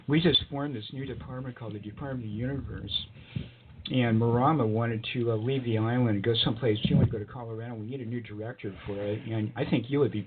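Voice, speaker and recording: A man on a tinny phone line with a faint hiss, telling a long personal story as an interview guest. He rambles with fillers and breaks into small chuckles, at a middle pitch.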